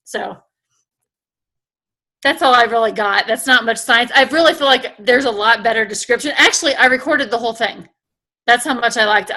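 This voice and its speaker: Bright-voiced chatty woman. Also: fairly high pitch. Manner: chatty, animated storytelling, addresses viewers as "you guys". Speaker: host recapping a sales convention. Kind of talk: casual chat to viewers.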